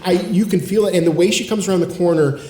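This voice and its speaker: A man's voice: sits high, fast, dark tone. Earnest man in a roomy room. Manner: earnest, reflective, swears casually. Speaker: podcast co-host. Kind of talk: casual chat.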